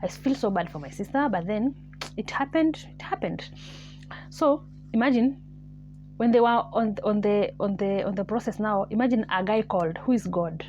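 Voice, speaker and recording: Woman vlogging a story, keeps repeating herself, goes quiet and whispery, faint music behind. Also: mid-range voice, muffled recording. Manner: animated, repetitive, musing, drops to near-whispers. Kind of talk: casual storytelling.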